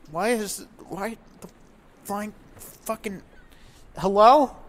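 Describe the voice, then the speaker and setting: A man giving casual, rambling commentary while playing a game, profane and excitable. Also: medium pitch. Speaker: let's play host.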